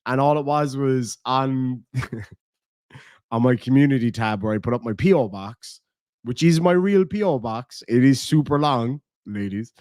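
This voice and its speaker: A man's voice: medium pitch, lively intonation, measured pace, a little mellow, dry recording, studio quality. An Irish man hosting a livestream, chatting in a rambling, profane way and reading out viewer donations. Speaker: livestream host. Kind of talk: casual livestream chat.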